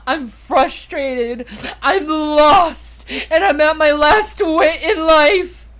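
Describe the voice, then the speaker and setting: Distraught woman, pleading and tearful, drawn-out high delivery. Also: fairly bright tone. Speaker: streamer in a clip. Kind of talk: emotional monologue.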